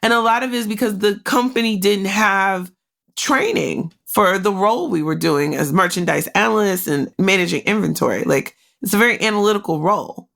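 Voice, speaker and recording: Candid woman host with a gravelly voice. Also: medium pitch, animated, fairly quick, fairly bright tone. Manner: candid and emotional, talks straight to listeners; conversational, with many "like" fillers. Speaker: podcast host. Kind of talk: personal storytelling.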